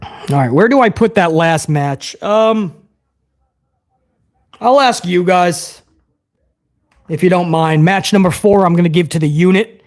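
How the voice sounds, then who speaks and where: Taking his time, with long pauses, a high-voiced man hosts a wrestling review show as a live watch-along. He vents heatedly to his chat, with plenty of swearing.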